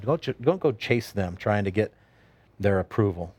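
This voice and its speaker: A man's voice: on the low side, lively intonation, normal speed, darkish tone, no echo. A man preaching to a campus gathering, talking plainly and earnestly and retelling scripture in everyday words. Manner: conversational, earnest, paraphrasing scripture in everyday speech. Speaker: pastor. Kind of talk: sermon.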